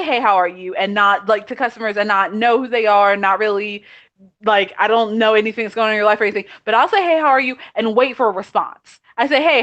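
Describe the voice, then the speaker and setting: This podcast co-host speaks in a mid-range, fairly bright voice. Chatting casually over a video call with muffled audio, she rants in an exasperated way, peppering it with quoted asides.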